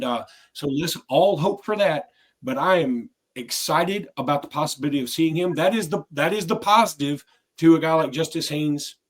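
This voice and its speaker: A man co-hosting a sports podcast, telling a rambling, anecdotal story full of restarts. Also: a little high. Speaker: podcast co-host. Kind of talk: casual sports podcast chat.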